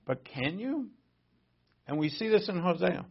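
A middle-aged man preaching a sermon as a pastor, conversational and joking, swinging between loud emphasis and quiet asides. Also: sits high, sing-song, measured pace, creaky, husky, lo-fi sound.

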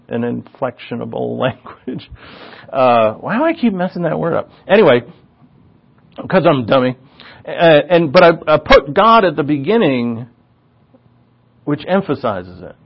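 Gravelly conversational preacher, lo-fi. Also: male voice, fairly high pitch. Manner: conversational, self-deprecating storyteller. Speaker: pastor. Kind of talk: sermon teaching.

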